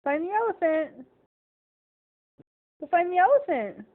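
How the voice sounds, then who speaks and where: A woman's voice: very high voice, big pitch swings, unhurried, narrow, tinny audio. A mother coaxing her toddler in a sing-song home video voice.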